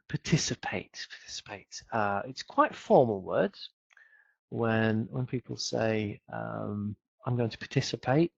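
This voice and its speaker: Gravelly British man teaching online. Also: medium pitch, dry recording, highs cut off. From United Kingdom. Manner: relaxed, chatty, many ums and uhs. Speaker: English teacher. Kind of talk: webinar lesson.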